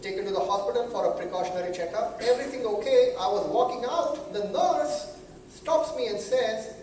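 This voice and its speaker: A man's voice: very high voice, a little fast. Man doing stand-up, echoey distant stage sound. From South Asia. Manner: animated storytelling, acting out both sides of dialogue. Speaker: stand-up comedian. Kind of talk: stand-up comedy. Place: stage in a venue with audience. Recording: echoey, distant room recording with noise.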